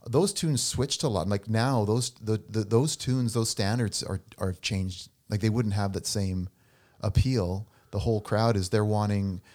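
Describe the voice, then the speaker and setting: A man co-hosting a casual podcast chat, telling anecdotes with lively delivery and acting out the people he quotes. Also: on the low side, measured pace. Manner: animated storyteller, acts out quoted voices. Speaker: podcast co-host and musician.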